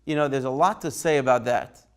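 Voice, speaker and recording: A man's voice: medium pitch, brisk, smooth. A man teaching a Torah class in a conversational way, checking in with his students and taking their questions. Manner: conversational, takes questions by name, asks "right?". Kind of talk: informal Torah lesson.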